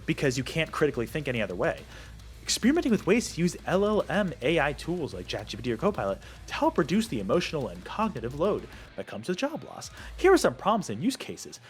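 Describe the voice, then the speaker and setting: A young man in the middle of an angry rant, swearing freely. His voice swings wildly up and down in pitch as he gets worked up. Faint music plays underneath. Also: fairly quick. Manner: heated, profane, lively swings in pitch. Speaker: gaming video creator.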